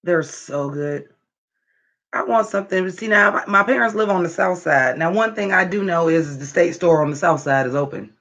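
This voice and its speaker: A man chatting casually to his viewers on a livestream, animated and profane, talking straight at them. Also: high voice, moderate pace. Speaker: livestream vlogger. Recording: dull lo-fi livestream audio.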